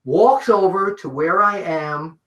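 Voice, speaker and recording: A man's voice: high-pitched, takes it slowly. Older man telling stories in an echoey room. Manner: animated storyteller, swears freely. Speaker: interview guest, wrestling journalist. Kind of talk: shoot interview storytelling. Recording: roomy echo.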